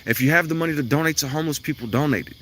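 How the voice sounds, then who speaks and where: Forceful, profane preachy man ranting. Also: fairly high pitch, racing, a little hiss or hum. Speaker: self-styled spiritual vlogger. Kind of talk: ranting monologue to camera. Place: outdoors near his house.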